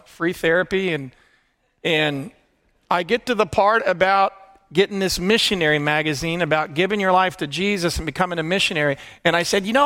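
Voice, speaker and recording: A middle-aged man preaching by telling his own testimony, earnest and hushed at tender moments, rising with excitement. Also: high-pitched. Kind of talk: sermon storytelling.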